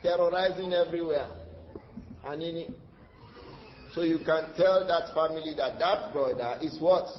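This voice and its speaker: Man, Nigerian accent, high voice, animated storytelling sermon, dull lo-fi recording. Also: moderate pace, long pauses, slight background noise. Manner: animated, acts out dialogue, laughs often. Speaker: Islamic lecturer.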